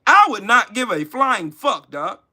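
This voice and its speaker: With a high-sitting, bright, pushed voice that swings widely in pitch, this political livestream host takes his time. It's a casual rant, full of profanity and mockery, aimed at chat viewers he addresses by name.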